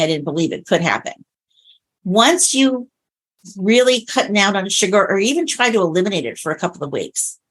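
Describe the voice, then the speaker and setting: A woman guest who coaches clients on diabetes-friendly meals, talking in a chatty, storytelling way in an interview. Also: mid-range voice. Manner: chatty storyteller, animated retellings. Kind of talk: conversational interview.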